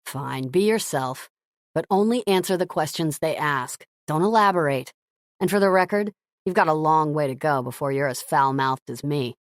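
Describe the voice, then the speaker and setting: A man's voice: on the high side, normal speed, no echo, studio quality, close to an everyday voice. A woman voicing a cocky male rock star who teases and gives orders. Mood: teasing. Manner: teasing, commanding.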